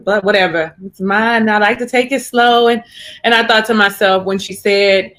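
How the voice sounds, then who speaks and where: A woman's voice: medium pitch, unhurried. A woman co-hosting a podcast, chatting casually about a reality show and acting out quotes as she talks. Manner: chatty, animated, acts out quotes. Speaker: podcast co-host.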